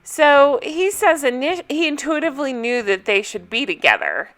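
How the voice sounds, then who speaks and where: A woman's voice: sits high, big pitch swings, normal speed, a bit bright, soft background music. A woman vlogger chatting casually through a TV recap, blunt and opinionated, often laughing.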